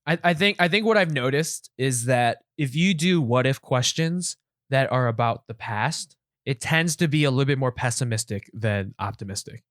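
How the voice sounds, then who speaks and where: A man's voice: mid-range voice, normal speed, dry recording, studio quality. A man co-hosting a podcast in casual chat, ranting with exasperation and stammering restarts. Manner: animated, exasperated rants with repeated stammered restarts. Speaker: podcast co-host.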